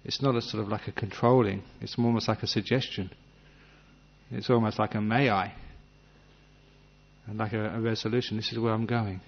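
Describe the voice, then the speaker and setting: A man giving a gentle, humorous meditation talk, acting out little scenes as he teaches. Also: lowish voice, fairly even intonation, normal speed, creaky, pauses often. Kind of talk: dharma talk. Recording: dull lo-fi recording.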